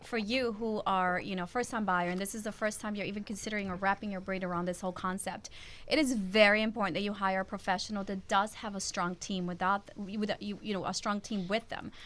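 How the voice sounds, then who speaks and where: A woman's voice: mid-range voice, fairly even intonation, a little fast, a bit bright, a little hiss or hum. A woman hosting a casual panel chat, explaining things with enthusiasm. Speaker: host.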